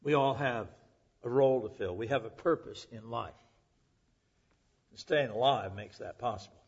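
A husky man preaches to his congregation, earnest and emphatic, letting his voice swell and then fall almost to a hush. The recording is dull and lo-fi, with the top end muffled. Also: medium pitch, moderate pace. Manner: earnest, emphatic, swings between loud and hushed. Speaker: pastor. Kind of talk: sermon. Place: church service.

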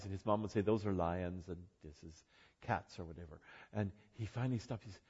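Husky older man giving a chatty talk. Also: low voice, expressive, fast, mellow, muffled recording. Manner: chatty, rambling asides with self-corrections and laughs. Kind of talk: informal presentation to a group. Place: room with an audience.

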